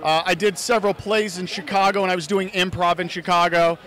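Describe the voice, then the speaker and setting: An American man with a high, forceful voice answers interview questions. He talks earnestly and at length, often restarting phrases as he goes. His tone is bright and energetic. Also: brisk. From United States (Idaho). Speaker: actor and fan filmmaker, interview guest. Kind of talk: casual interview.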